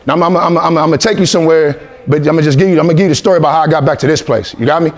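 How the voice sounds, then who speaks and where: Forties motivational speaker from Ohio, rapid delivery, slightly high voice, call-and-response with the room. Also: male voice. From Columbus, Ohio. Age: 40s. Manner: call-and-response, repetitive, coaxing. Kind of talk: motivational talk to young athletes.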